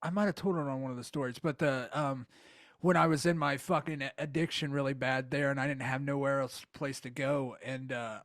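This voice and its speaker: Loud, profane man on a dry mic. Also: mid-range voice, steady tone, a little fast, dry recording. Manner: loud, profane interjections and laughter. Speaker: podcast co-host. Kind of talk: casual chat.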